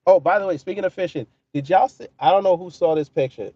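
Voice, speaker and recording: A man runs a casual livestream, cursing freely and mocking the people in his chat. His voice sits a bit high yet sounds dark and mellow. The audio is dull and dry, like a home streaming mic. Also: fast, a little hiss or hum. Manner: profane, mocking, reads and answers chat. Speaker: livestream commentary host.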